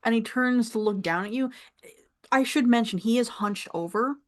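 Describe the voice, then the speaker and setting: A young adult woman narrating as game master, describing scenes with pauses and easy laughs. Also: on the high side.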